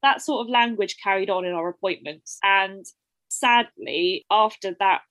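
A young woman speaks candidly as an interview guest, at a medium pitch, thinking aloud and acting out what she and others said. The sound is dry and close, with no room around her. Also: unhurried, fairly bright tone, dry recording, rough recording. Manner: open, reflective, often restarts and quotes herself. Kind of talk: candid personal account.

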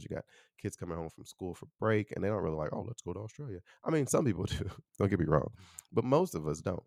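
A man's voice: low-pitched, a little mellow, no room sound, studio quality. A young man from Chicago hosting a casual solo podcast, chatty and loose, with lots of "you know" and "like.". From Chicago, USA. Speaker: podcast host.

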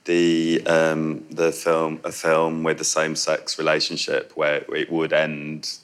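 Deep-voiced Yorkshire man, chatty and laughing. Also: monotone, fairly bright tone, clear, resonant tone. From Yorkshire, England. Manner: chatty, laughs often, halting restarts. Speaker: film director at a Q&A. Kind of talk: casual conversational answers.

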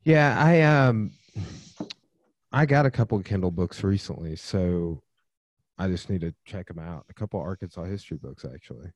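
A man hosting a casual podcast chat with a friend, relaxed and friendly, his sentences trailing off. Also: low-pitched, normal speed, dry recording, lo-fi sound. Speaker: podcast host.

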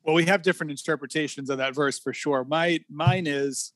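A man who is a pastor, talking in a casual faith conversation, reflective with dry humor and halting pauses. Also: fairly high pitch, a bit bright, dry recording. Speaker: Christian pastor.

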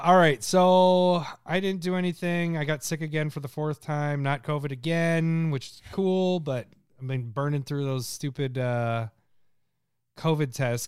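Lively laughing podcast co-host, clear voice. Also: male voice, fairly high pitch, no echo, clean studio sound. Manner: laughs often, animated storytelling. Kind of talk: casual chat.

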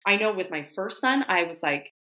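A woman speaking as a podcast guest in casual conversation, candidly sharing stories and acting out her own past thoughts in a higher voice. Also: expressive, moderate pace, sharp tone. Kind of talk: casual chat.

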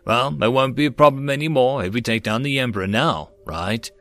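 A man's voice: mid-range voice, fairly quick, a bit bright, no room sound, lightly acted. A man reading the part of a grumbling male soldier in an audiobook, complaining as he talks.

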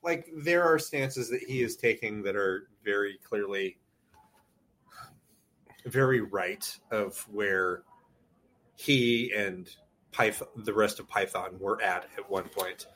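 A man's voice: fairly low pitch, takes it slowly, fairly bright tone. A man co-hosting a podcast in casual chat, tossing in wry, sarcastic quips. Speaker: podcast co-host.

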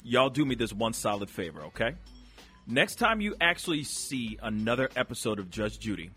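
A man hosting a radio show, chatting casually and addressing the listeners directly with slangy, animated talk. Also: mid-range voice, moderate pace, breathy edge, faint music behind. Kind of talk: casual chat.

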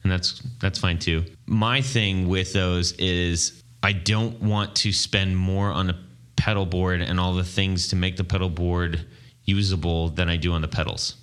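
Low-voiced man hosting a casual podcast. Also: steady tone, a little slow, a bit bright. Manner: rambling, giggly, loses composure laughing. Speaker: podcast host. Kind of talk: casual chat.

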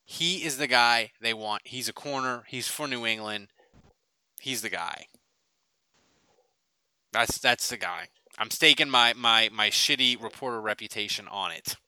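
A man hosting a casual podcast chat in a bright, forceful voice. He jokes around and restarts his sentences often. The sound is dry and close. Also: mid-range voice, measured pace, smooth, dry recording. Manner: joking, excitable, many restarts. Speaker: podcast host.

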